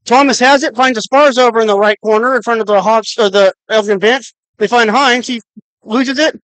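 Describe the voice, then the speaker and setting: An adult announcer calling a high school basketball game on radio, with rapid, clipped calls of each pass and shot and the clock counted down aloud. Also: fairly bright tone, clean tone, no echo, rough recording. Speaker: play-by-play announcer.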